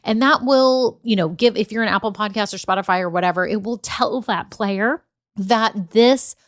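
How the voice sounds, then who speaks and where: A woman's voice: mid-range voice, normal speed, dry recording, studio quality. A middle-aged woman, hosting her own podcast from a room at home and talking straight to her listeners in an upbeat, chatty way. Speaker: podcast host. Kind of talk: solo podcast talk.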